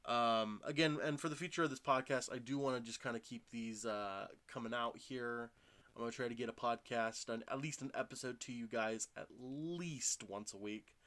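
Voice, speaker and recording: A man's voice: medium pitch, moderate pace, fairly bright tone. Sleepy man rambling on a home podcast. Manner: rambling, many fillers and restarts. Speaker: podcast host. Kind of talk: casual solo podcast talk. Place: home room.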